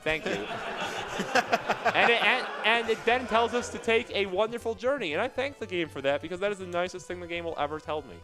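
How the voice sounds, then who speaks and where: A man's voice: sits high, brisk, music in the background, rough recording. A man commentating live on his speedrun of a game, explaining its mechanics in a joking, rambling way. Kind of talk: live commentary while playing.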